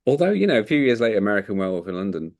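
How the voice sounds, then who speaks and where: Low-voiced chatty man, podcast co-host. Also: sing-song, very fast, darkish tone. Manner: chatty, rambling, laughs often. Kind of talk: casual film discussion.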